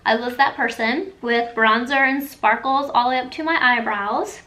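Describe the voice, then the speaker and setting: Woman, 30s, high pitch, casual beauty tutorial at home, upbeat and chatty. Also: sharp tone. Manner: chatty and enthusiastic, quick asides. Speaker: beauty vlogger.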